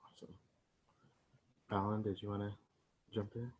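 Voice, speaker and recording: A man's voice: on the low side, flat delivery, normal speed, a little mellow, breathy edge. A man hosting a podcast panel, adding short affirming remarks and passing the turn to guests. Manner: brief, affirming interjections. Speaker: podcast host. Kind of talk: moderating a panel.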